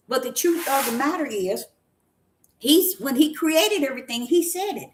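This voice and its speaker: A woman prophetess preaching to her listeners, emphatic and colloquial, with repeated, drawn-out stresses. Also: sits high, lively intonation, darkish tone. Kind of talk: preaching to an audience. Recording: echoey room with faint noise.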